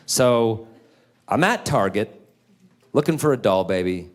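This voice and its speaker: A man in his thirties doing a stand-up comedy set, animated, jumping into loud high-pitched voices for kids and teachers. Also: unhurried. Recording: live in a theater with crowd laughter.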